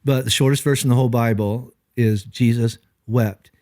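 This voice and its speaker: A middle-aged pastor speaks earnestly on a podcast. His voice sits at an ordinary pitch and swings up and down as he acts out what other people said. The sound is dry and close, with no room echo. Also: moderate pace. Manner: earnest, animated, acts out quoted dialogue. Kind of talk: reflective podcast conversation.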